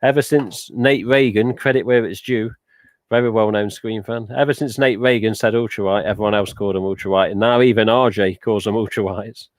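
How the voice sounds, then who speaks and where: A man's voice: lowish voice, steady tone, a little fast, dry recording. A man hosting a casual live stream, rambling chattily with lots of "uh" and "but yeah" as he reads out viewer comments. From England.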